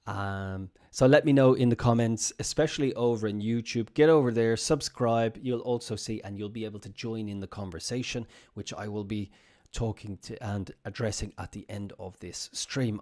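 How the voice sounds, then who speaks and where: A man teaching English on a live stream in a chatty way, repeating example phrases slowly for his students. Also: on the low side, a little mellow.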